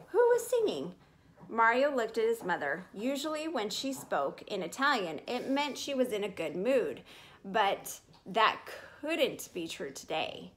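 A woman reading a children's chapter book aloud in a clear, steady storytelling manner. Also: mid-range voice. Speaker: reader.

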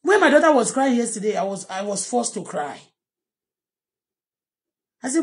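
Middle-aged Nigerian-accented woman, personal vlog, pleading and repetitive, slightly high voice. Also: very animated, normal speed, long pauses. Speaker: vlogger.

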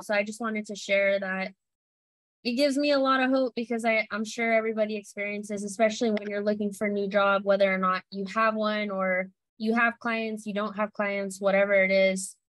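A woman joining a group video call, sharing her thoughts in a hesitant way with many pauses and fillers. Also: on the high side, no echo, poor audio. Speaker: session participant.

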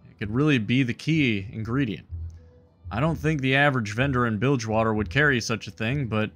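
A man's voice: mid-range voice, fairly quick, fairly bright tone, soft background music, natural voice. A man reading as an earnest young bard. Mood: earnest, wistful. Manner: reads the bard's lines aloud in his own voice. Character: young male bard, earnest, nervous, wistful.

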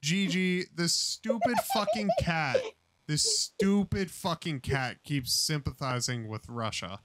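A man's voice: big pitch swings, slow pace, background noise. A man on a call, streaming a crude comedic rant, hurling profane insults with sudden shrieks. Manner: insulting, profane, wildly swinging pitch. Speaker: streamer debating a cat.

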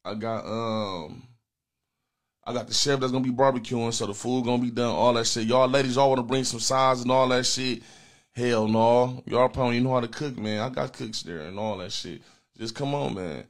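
A man hosting a comedy call-in show, trading crude jokes with callers in a loud, profane, teasing way. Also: medium pitch, fairly even intonation, normal speed. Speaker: comedy show host taking calls. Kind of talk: crude joking banter with callers.

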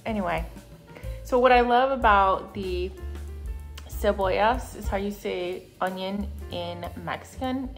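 A woman's voice: medium pitch, measured pace, faint music behind. A young woman vlogging casually while she cooks in her home kitchen, chatty, laughing often and fretting aloud. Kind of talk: casual chat while cooking.

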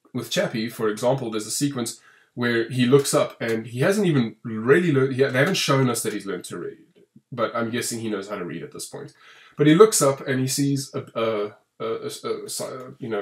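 A man, co-hosting a casual film review and talking in long, restarting runs that grow animated when he complains. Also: mid-range voice. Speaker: podcast co-host reviewing a film.

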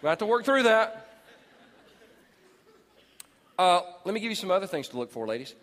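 A man in his forties preaching a sermon as pastor, animated and jokey, acting out people he talks about. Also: high-pitched, moderate pace. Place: large church auditorium. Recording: long hall reverb.

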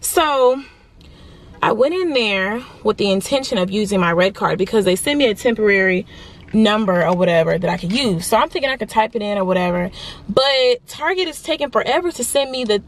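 A woman vlogging to camera in a chatty, expressive way, calling her viewers y'all as she films with a handheld phone in stores and her car. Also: medium pitch. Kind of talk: casual vlog talk to camera. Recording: noisy background.

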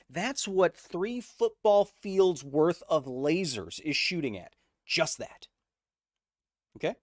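A man's voice: a little high, no room sound, studio quality. A man hosting a casual livestream, explaining science conversationally, checking in with viewers and answering their chat messages. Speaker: host.

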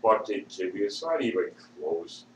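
A man ranting in a rambling way with constant swearing, swinging between shouting and low muttering, recorded at home. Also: very animated, moderate pace. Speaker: vlogger. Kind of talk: rambling profane rant. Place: at home with a dog. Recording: echoey room, distant mic, faint hiss.

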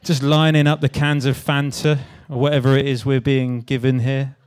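At a live event venue, a young English man from the West Country gives a casual, stand-up style creative talk, bantering with the audience in a self-deprecating, sweary, jokey way. His mid-range voice is clear, resonant and a little mellow, with little pitch movement and a moderate pace.

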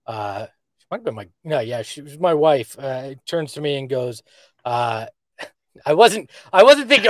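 Male podcast host, loose and jokey banter, a bit high-pitched, dry mic. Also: lively intonation, normal speed, dry recording. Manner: jokey, does character voices. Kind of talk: casual sports chat.

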